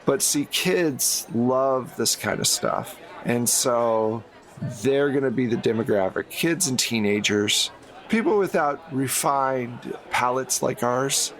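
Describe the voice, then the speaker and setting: A man's voice: medium pitch, takes it slowly, a bit bright. A man voicing a jaded, teasing male film producer in a tabletop game, talking with dry, sarcastic banter. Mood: wry. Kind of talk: tabletop role-play character voice.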